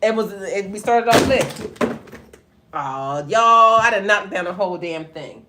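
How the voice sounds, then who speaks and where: A woman's voice: medium pitch, measured pace, pushed and bright, a little hiss or hum. A middle-aged woman giving a casual livestream tarot reading, talking straight to viewers and breaking into laughing, profane stories. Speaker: tarot reader and spiritual life coach.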